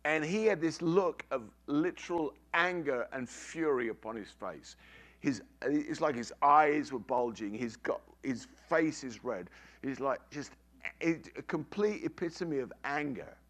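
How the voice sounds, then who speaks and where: A man's voice: fairly high pitch, animated, measured pace, fairly bright tone. A middle-aged man preaching a sermon, telling a family story with emphatic, repeated phrases.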